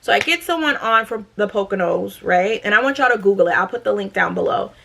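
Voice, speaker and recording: Blunt, cussing woman vlogger, bright voice. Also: medium pitch, quick pace, creaky, a little hiss or hum. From Massachusetts. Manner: blunt, profane, animated ranting. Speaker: storytime vlogger. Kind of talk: casual storytelling to camera.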